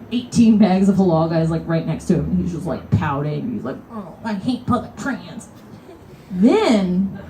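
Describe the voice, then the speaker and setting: A woman's voice: lowish voice, warm tone, a little hiss or hum. Rambling, profane young woman from Kentucky. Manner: rambling, profane, heavy use of "like". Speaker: storyteller. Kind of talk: live comedic storytelling. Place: bookstore cafe at a live show. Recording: roomy live venue sound.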